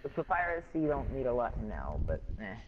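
A man's voice: medium pitch, very animated, fairly quick. A young man co-hosting a casual fan debate, hedging and hesitant in his asides. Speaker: co-host. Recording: dull lo-fi mic with faint hiss.

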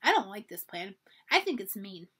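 A woman's voice: very animated, moderate pace, husky. A woman voicing a stubborn, cheerful young girl at summer camp in a lightly raised girlish voice, reading a children's storybook aloud. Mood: earnest. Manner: higher, brighter girlish voice.

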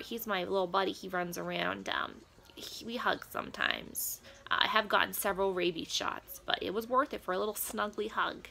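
A woman's voice: a little high, gravelly, sharp tone, exaggerated voice. A woman playing a prim, nosy grandmother who reacts to a pop performance with prudish, flustered, rambling remarks and quaint asides. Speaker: comedic reaction host. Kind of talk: comedic character reaction video.

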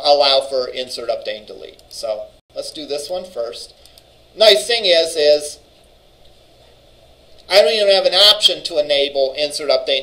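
A man's voice: fairly high pitch, fairly bright tone, rough recording. A man teaching a college database class, lecturing conversationally and often checking in with the students. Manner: conversational, checks in with "all right?"; thinks aloud with fillers and restarts. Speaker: college instructor.

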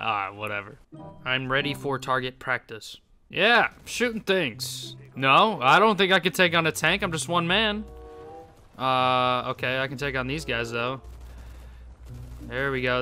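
A young man giving excitable gameplay commentary, laughing often and yelping in surprise. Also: mid-range voice. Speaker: gaming YouTuber.

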